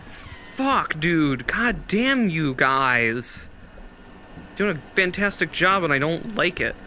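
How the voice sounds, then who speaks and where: Jumpy, foul-mouthed male streamer, very lively pitch. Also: slow pace, a little hiss or hum. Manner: jumpy, swearing constantly, nervous laughter. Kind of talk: live horror game commentary.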